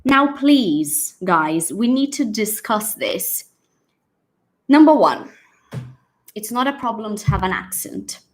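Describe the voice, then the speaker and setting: A woman with a Brazilian accent teaching English in a casual live online lesson, chatty and animated as she retells a story. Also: mid-range voice, takes it slowly, pauses often, faint music behind. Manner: chatty and animated, retells scenes with acted quotes.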